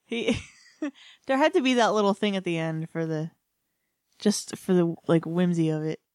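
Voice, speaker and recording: A woman co-hosting a podcast, chatting casually about a TV episode with quick remarks. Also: fairly low pitch, darkish tone, no room sound, clean studio sound. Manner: laughs often, quick interjections. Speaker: podcast co-host.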